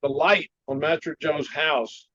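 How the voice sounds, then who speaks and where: A man telling a story in a casual interview, animated and laughing often, clearing his throat now and then. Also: on the high side, a little slow, muffled recording. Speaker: martial arts teacher, interview guest.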